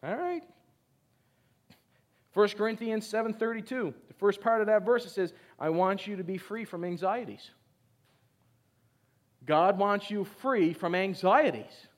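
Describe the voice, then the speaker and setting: A middle-aged man preaching in a high-pitched voice. He exhorts his congregation to answer him back and reads scripture with heavy emphasis, stretching out the key words. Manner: exhorting, calls for congregation responses. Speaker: pastor. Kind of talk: sermon.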